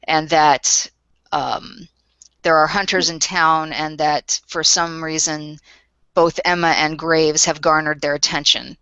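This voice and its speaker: A woman's voice: deep voice, fairly even intonation, takes it slowly, sharp tone, clear, resonant tone, no echo, highs cut off. A woman playing a tabletop role-playing game, narrating her character's actions in a hesitant manner, full of ums and restarts.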